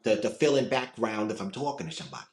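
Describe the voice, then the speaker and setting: Chatty low-voiced man in a roomy space. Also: big pitch swings, racing. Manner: chatty, many fillers and restarts. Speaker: guest voice actor and impressionist. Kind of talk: casual podcast chat.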